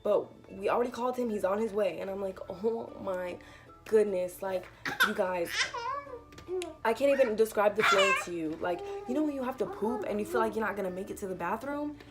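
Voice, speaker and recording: A young woman vlogger chatting casually through a storytime, animated and full of "like". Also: medium pitch, a little fast, over loud music. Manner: chatty, animated retelling with lots of "like".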